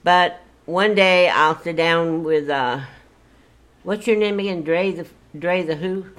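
A woman's voice: fairly low pitch, slow, a bit bright. An older woman telling stories from her life in a chatty, folksy, exclamatory way. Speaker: storyteller guest. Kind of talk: casual storytelling.

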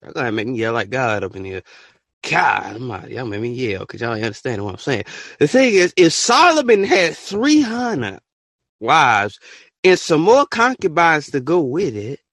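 A man hosting a podcast, ranting his opinion in an animated, profane way and bursting into shouts. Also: mid-range voice, moderate pace, no echo, studio quality. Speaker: podcast host.

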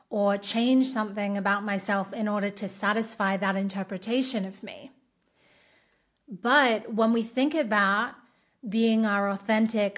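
An Australian woman talks alone as a podcast host, earnest and steady. Her voice sits at a middle pitch, and her tone is encouraging. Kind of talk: reflective solo talk.

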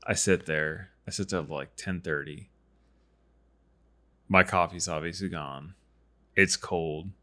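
A man in his thirties casually telling a lively hunting story on a podcast, acting out quotes. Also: deep voice, takes it slowly, pauses often. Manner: animated storyteller, acts out quotes. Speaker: podcast host and hunter.

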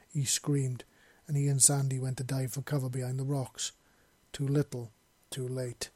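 Male narrator, warm dark tone, dry close sound, reads fiction and acts out the lines. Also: mid-range voice, no echo. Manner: acts out dialogue, shouting in grief scenes. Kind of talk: dramatic story reading.

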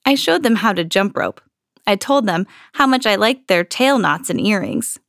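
A woman reading a children's storybook aloud in an expressive, storytelling manner. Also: mid-range voice, moderate pace, gravelly, dry recording, clean studio sound. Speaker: podcast host reading to children.

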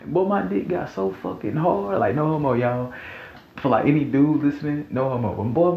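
Animated Southern man telling a story. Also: a little high, vocal fry. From Mississippi. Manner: profane, animated, laughing, repeats himself. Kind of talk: casual storytime vlog. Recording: echoey room, dull audio, faint hiss.

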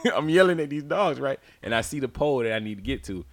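A man on a casual podcast telling a long personal story, swearing freely, laughing through it and acting out his own shouts. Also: mid-range voice, animated, fast, noisy background. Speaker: podcast co-host.

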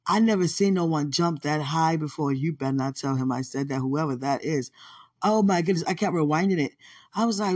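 A woman's voice: sits low, fairly quick, a little mellow, slightly rough. A woman hosting a podcast, talking in a casual, teasing monologue and laughing often. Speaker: podcast host.

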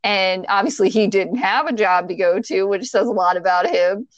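A woman co-hosting a casual chat. She tells a story with energy, swears freely and acts out the lines she quotes in a loud voice. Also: mid-range voice, moderate pace, no echo, muffled recording.

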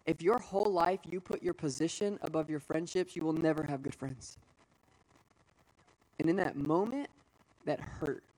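A young man in his twenties preaching to a live audience, telling personal stories in a lively, conversational way with asides. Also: a little high, rough recording. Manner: storytelling, energetic and conversational, with asides. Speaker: pastor.

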